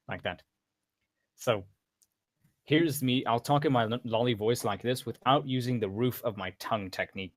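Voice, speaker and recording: A man's voice: fairly low pitch, no echo. Rambling man teaching a voice technique. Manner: rambling, many restarts and asides. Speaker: voice coach. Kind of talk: casual voice-training tutorial.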